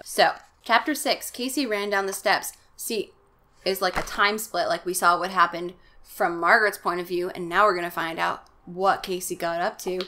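Bright-voiced woman doing sarcastic book reading. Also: lowish voice. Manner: sarcastic, irreverent commentary with profanity; acts out characters' lines in exaggerated voices. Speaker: host reading a children's horror book aloud. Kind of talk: comic dramatic reading with asides.

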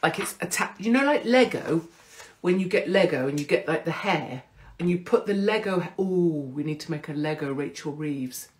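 A woman's voice: deep voice, lively intonation, normal speed. Brash, swearing British woman host. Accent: British English. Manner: brash, swearing, self-mocking. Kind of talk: casual monologue.

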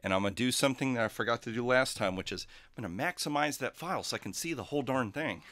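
A man hosting a livestream, telling a joke and chatting casually in a relaxed, rambling way. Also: mid-range voice, fast, hardly any pauses, faint music behind. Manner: relaxed, rambling, chuckling asides. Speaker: livestream host.

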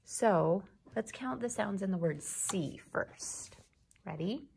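A woman's voice: medium pitch, takes it slowly, gravelly, darkish tone, slight background noise. A woman teacher leading an early reading lesson, patient and sounding out words step by step.

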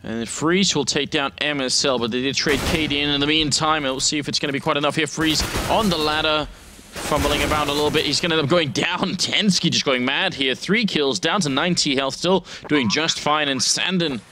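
A man commentating a competitive shooter match, chatty and relaxed. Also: a little high, brisk, noisy background. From Denmark. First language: Danish. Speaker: esports caster. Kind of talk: play-by-play commentary.

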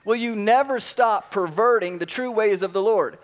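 A man acting out a furious apostle who declaims his rebuke in a loud, raised, biblical cadence. The voice is pitched up and hammered out with emphasis during a sermon retelling. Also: big pitch swings, very slow, full character voice. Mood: angry. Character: angry stern male apostle rebuking.

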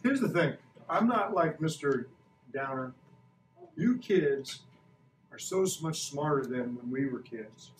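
A man's voice: a little high, expressive, unhurried, slight background noise. A man in his sixties teaching a science lesson to a class, playful and quizzing the kids. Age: 60s. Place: school classroom. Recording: echoey classroom from far off.

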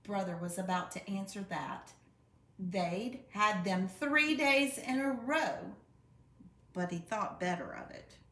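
Woman reading a children's storybook aloud, slow and expressive, lively pitch, roomy echo. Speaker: storybook reader.

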